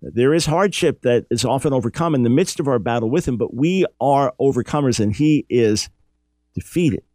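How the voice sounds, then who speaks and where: An earnest man hosting a radio Bible study, emphatic and lively when he dramatizes the text. His voice sits in a middle pitch. The sound is dry and close, with no room echo. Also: moderate pace. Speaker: radio show host. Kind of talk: Bible teaching on talk radio.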